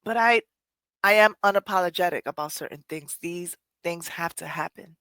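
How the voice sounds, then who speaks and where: A woman's voice: on the low side, normal speed, a bit bright, dry recording. A middle-aged woman hosting a podcast, talking earnestly and candidly in a reflective personal way, sometimes laughing at herself. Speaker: podcast host.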